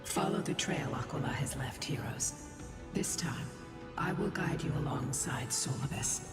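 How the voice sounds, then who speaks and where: An actress voicing a gentle, ancient female sky spirit guide in a game, with a calm, solemn, breathy half-whispered delivery. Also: deep voice, measured pace, loud music behind the voice. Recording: echoey distant game audio with long reverb.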